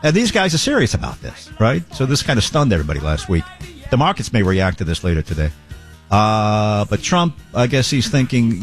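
A man's voice: on the low side, very animated, a little fast, soft background music. A man hosting a show, giving joking political commentary and mocking impressions. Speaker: radio show host.

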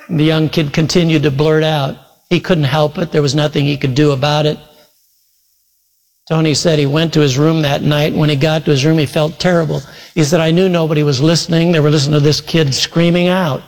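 A man's voice: fairly high pitch, steady tone, normal speed. A man preaching a sermon, telling a long story earnestly and acting out the quoted voices. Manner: earnest storytelling with quoted retellings and sudden loud shouts. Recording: long hall reverb.

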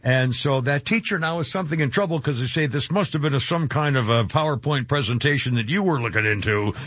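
Rambling radio host, dry studio. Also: male voice, medium pitch, fairly quick, a bit bright, dry recording, lo-fi sound. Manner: rambling, stumbles with many fillers. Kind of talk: casual talk radio chat. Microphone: studio mic.

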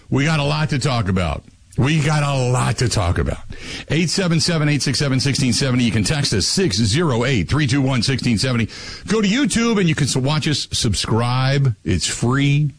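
A man hosting a casual sports talk radio show, telling stories in an animated, joking way. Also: medium pitch. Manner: animated storytelling, lively and joking.

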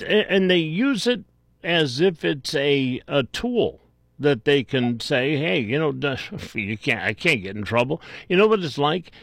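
A man hosting a call-in radio show, talking bluntly with many restarts and quick bursts. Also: medium pitch, a bit bright, no room sound, clean studio sound. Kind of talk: talk radio chat.

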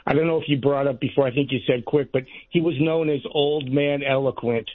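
A man's voice: mid-range voice, steady tone, a little fast, dry recording. A male caller on a tinny, dry phone line, telling the guest what he knows. He speaks eagerly and hesitantly, with a lot of ums. The sound is thin and close. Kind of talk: call-in radio.

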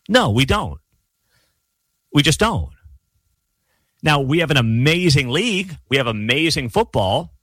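A man hosting a college football channel, ranting bluntly and sarcastically with lots of energy. His voice sits in a middle pitch. The close recording has almost no room sound. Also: fairly bright tone, no echo. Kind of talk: opinionated solo commentary.

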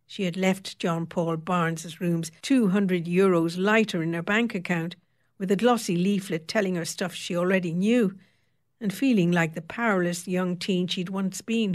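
A woman narrating a story in a steady, wry storytelling manner. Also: on the low side. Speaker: audiobook narrator. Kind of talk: scripted narration.

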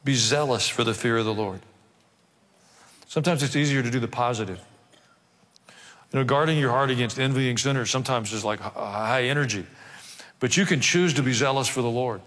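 A man's voice: mid-range voice, fairly quick, long pauses, a bit bright. A male pastor preaching a sermon, dropping wry asides and acting out quoted voices. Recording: long reverb of a large hall.

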